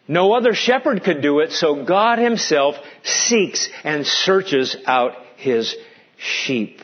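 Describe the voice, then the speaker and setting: Husky earnest preacher, man. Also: fairly high pitch, big pitch swings, highs cut off. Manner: earnest preaching, stretching key words slowly. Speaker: pastor. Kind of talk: sermon.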